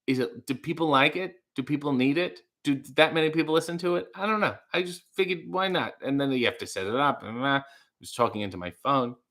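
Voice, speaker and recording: With a fairly high pitch and a sharp tone, this man talks fast while hosting a casual livestream. He reads out chat messages, rambles and lets his words trail away into mumbling.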